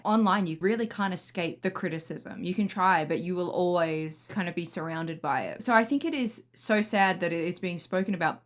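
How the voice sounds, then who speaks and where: A young woman hosting a music reaction video, excitable and gushing, often breaking into laughter. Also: lowish voice. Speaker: music reaction channel host. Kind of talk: casual reaction commentary.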